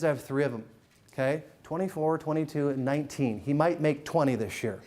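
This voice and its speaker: A middle-aged man giving a live motivational keynote to a room, joking and teasing the crowd with quick questions. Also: on the high side, lively intonation, darkish tone. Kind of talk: live stage talk to an audience. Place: event room with a live audience.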